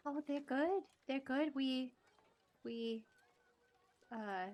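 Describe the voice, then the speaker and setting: An eager mother fusses over her child in a tabletop game, repeating herself and stumbling over her words, as a woman plays her in close to her own voice. Her voice sits a little high. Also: a little mellow. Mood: tender. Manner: eager, fussing, halting. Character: Rosie, a warm mother greeting her child.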